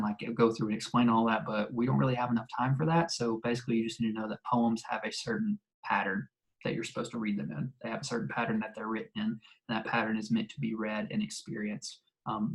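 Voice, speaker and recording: A man's voice: lowish voice, low-quality recording. Casual male teacher explaining poetry. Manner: casual, explanatory, many fillers and restarts. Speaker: ninth-grade English teacher. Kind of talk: recorded remote lesson.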